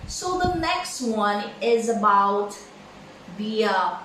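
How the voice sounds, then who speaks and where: Slow woman teacher in an echoey room. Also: mid-range voice, animated, a bit bright, recorded from a distance, slight background noise. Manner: slow, halting, many fillers and repeated words. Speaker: English pronunciation teacher. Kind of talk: slow classroom lesson.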